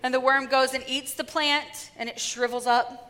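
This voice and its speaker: A woman preacher delivering a sermon with lively, humorous storytelling. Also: high voice, normal speed, big-room sound.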